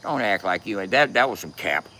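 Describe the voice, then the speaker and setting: A man's voice: fairly low pitch, animated, fairly quick, bright, forceful tone, slight background noise. A man giving a casual, profane rant as a commentator, cursing and laughing often.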